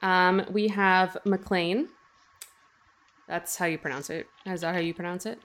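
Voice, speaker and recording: A woman's voice: on the low side, unhurried. Easygoing woman podcast co-host. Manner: relaxed, summarizes chapters with many ums. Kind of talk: casual book chat.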